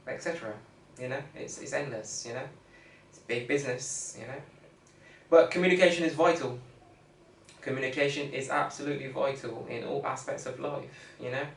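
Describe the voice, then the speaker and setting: A man's voice: medium pitch, fairly bright tone. A man co-hosting a podcast, talking casually and rambling, often saying "you know what I mean". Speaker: podcast co-host. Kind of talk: casual chat. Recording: roomy echo, far from mic, faint hiss.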